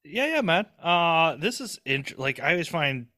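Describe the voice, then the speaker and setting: A man's voice: fairly high pitch, lively intonation, normal speed, bright, forceful tone. A man in his forties hosting a laid-back podcast interview. He rambles, pokes fun at himself and drops the odd curse word into his loose, chatty delivery. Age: 40s. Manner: rambling, self-deprecating, swears casually. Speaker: podcast host.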